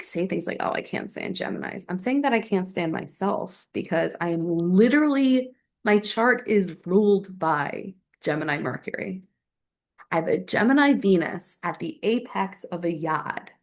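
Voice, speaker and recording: A woman's voice: medium pitch, gravelly. A young adult woman hosting a solo astrology podcast, chatting casually and thinking aloud with lots of fillers.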